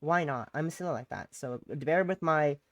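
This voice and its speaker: A woman's voice: low voice, moderate pace, no room sound. Sick woman rambling playfully on stream. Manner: rambling, playful, filler-heavy. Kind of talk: casual let's-play chat.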